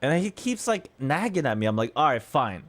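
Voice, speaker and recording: A man in his thirties tells a story with loose, chatty energy, and his voice swings widely up and down. His voice sits a little on the high side. He laughs now and then as he talks. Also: brisk. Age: 30s. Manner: animated, chatty, laughs between lines. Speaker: streamer. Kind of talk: casual storytelling.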